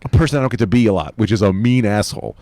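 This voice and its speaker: A man's voice: on the low side, rapid-fire, background noise. Crude riffing middle-aged comedian man. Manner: crude, riffing, joking storytelling. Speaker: guest comedian. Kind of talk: casual podcast chat.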